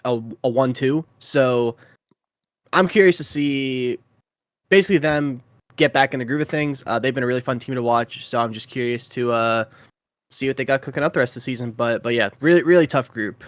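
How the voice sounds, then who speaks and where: A man's voice: mid-range voice, a little fast, dry recording. A man on a casual esports panel who also plays, speaking in a hesitant way with many fillers. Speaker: panelist and player.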